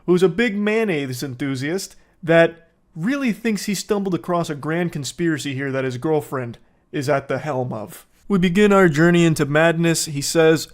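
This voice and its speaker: A man's voice: a little high, normal speed. Sarcastic man mocking text messages. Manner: sarcastic, incredulous, swearing. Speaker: commentator. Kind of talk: comedic commentary reading text messages.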